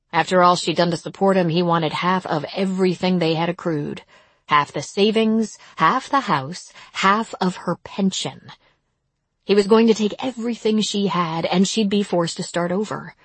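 A woman narrates a story in a measured, somber manner. Her voice is husky and sits low, and the recording is dry and close. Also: no room sound. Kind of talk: audiobook narration.

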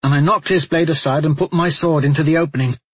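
A man's voice: on the high side, steady tone, fast, a little hiss or hum, voice pushed up, natural voice. A man voicing a haunted, guilt-ridden male adventurer in an audiobook, speaking in a strained, tense way.

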